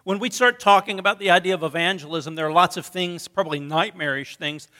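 A man with a high, bright, ringing voice preaches in a sanctuary, and his words trail off into the long reverb of a church hall. He talks in a relaxed, conversational way, telling stories with a light sense of humor. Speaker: pastor. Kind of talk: sermon.

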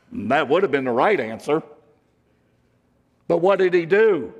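A man preaching a sermon, slow and deliberate, swinging from emphatic highs to hushed lows. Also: animated, long reverb tail. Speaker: pastor.

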